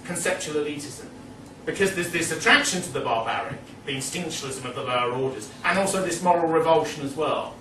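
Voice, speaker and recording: Man lecturing, rambly, lots of "you know", slightly high voice, far mic, echoey noisy hall. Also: a bit bright. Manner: rambling, digressive, peppered with "you know" and chuckles.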